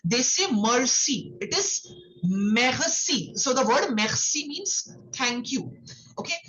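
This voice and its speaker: A woman with a high voice leads an online lesson, explaining patiently and checking in with "okay?" after almost every phrase. Her voice arrives through dull, lo-fi call audio. She calls on students one by one. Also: expressive, measured pace, fairly bright tone, a little hiss or hum. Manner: explains patiently, with many "okay"s and tag questions. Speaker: French teacher. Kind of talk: online classroom instruction.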